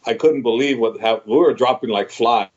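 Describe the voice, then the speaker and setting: Middle-aged man, mid pitch, animated storyteller, slightly dull call audio. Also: moderate pace. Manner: animated retelling, quoting his own reactions, repeats words. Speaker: MMA head trainer, podcast guest. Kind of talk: casual storytelling over a video call. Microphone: video call.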